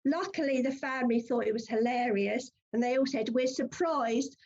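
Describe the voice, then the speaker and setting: A woman's voice: high-pitched, normal speed, darkish tone, dull audio. A woman funeral celebrant being interviewed, telling an anecdote in a chatty way with frequent laughter. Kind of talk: conversational interview.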